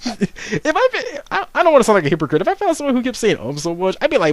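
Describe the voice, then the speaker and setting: A man's voice: very high voice, wildly swooping pitch, fast, few pauses, dry recording. A young man giving casual unscripted video commentary, rambling and swearing, with frequent stumbles and restarts as he mocks himself.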